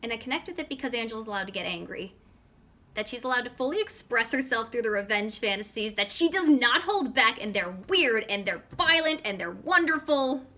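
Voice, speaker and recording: A woman's voice: fairly high pitch, animated, brisk, pushed and bright. A woman from the United States hosting an interview, speaking earnestly and from the heart. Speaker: interview host.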